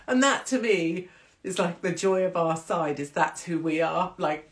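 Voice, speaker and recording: A woman in her forties chats to her livestream viewers. She tells stories in an animated way and acts out the other people's voices. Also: on the low side, measured pace. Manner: chatty, animated storytelling with acted-out voices. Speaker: livestream host. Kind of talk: casual chat to live viewers.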